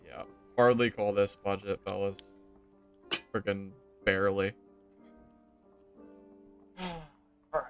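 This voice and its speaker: A young man casually commenting on his gameplay to stream viewers, joking and exasperated, jumping to loud high outbursts. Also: expressive, takes it slowly, long pauses, soft background music. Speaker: game streamer.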